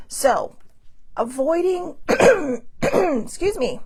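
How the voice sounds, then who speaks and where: A woman's voice: a little high, animated, measured pace, vocal fry, breathy edge. A middle-aged woman hosting a casual live talk show, chatting loosely and reading passages aloud. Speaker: host.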